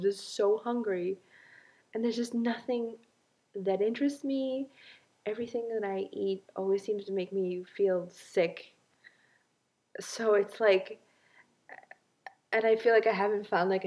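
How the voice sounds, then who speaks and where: A woman's voice: medium pitch, a little mellow. A young adult woman talking in a casual video diary, chatty and self-mocking, with lots of fillers. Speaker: vlogger.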